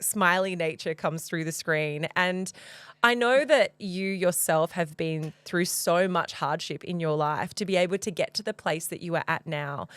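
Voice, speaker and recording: A woman's voice: lowish voice, dry recording. A woman with an Australian accent co-hosting a podcast, asking a guest long, curious questions. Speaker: podcast co-host. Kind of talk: casual interview chat.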